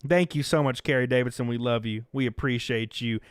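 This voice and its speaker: A man's voice: medium pitch, a little fast, smooth, no room sound, studio quality. A young man with a Southern accent hosts a live stream in casual, profane commentary, thanking donors and reading chat. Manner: animated, profane, reads out chat donations.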